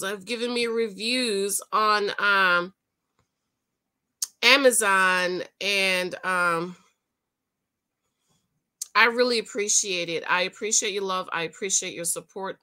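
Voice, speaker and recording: A woman's voice: mid-range voice, bright, forceful tone. A woman vlogger and author chatting casually and talking directly to her viewers. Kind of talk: casual chat.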